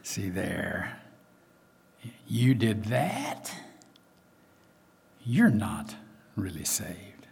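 A man voicing a sly devil who whispers doubts, low, hushed and mocking. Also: wildly swooping pitch, extremely slow, creaky, long pauses, husky, big-room sound, heavily acted. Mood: taunting.

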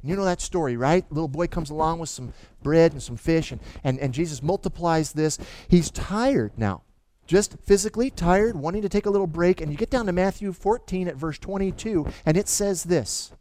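A man's voice: on the high side, moderate pace. A middle-aged male pastor preaching a sermon. He tells stories with stammered restarts and keeps asking the congregation questions. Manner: animated storytelling with stammered restarts; asks the audience questions.

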